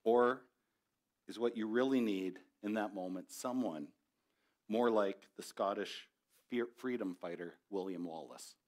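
A man's voice: lowish voice, a little slow, a little mellow. A middle-aged man preaching a sermon as a pastor, conversational and building to passionate exhortation.

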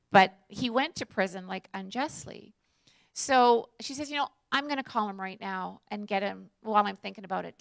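A woman's voice: medium pitch, creaky, no echo. A woman, a prison chaplain telling a faith story in a conversational way, full of fillers and asides.

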